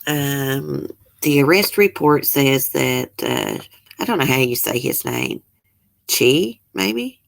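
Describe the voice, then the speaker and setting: A woman's voice: very deep voice, big pitch swings, slow, creaky. A woman hosting casual true-crime commentary, reading news aloud and reacting emotionally and bluntly. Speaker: channel host.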